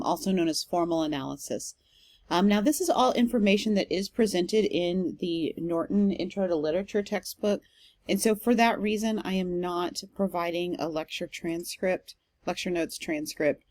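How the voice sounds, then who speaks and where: A woman's voice: fairly low pitch, a little mellow, dry recording. A woman professor giving a recorded literature lecture, explaining step by step with frequent "um" fillers.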